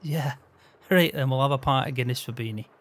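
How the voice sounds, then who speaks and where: A man's voice: medium pitch, fairly quick, fairly bright tone. A man in casual game roleplay, chatting as a farm hand in an easygoing way with mild swearing.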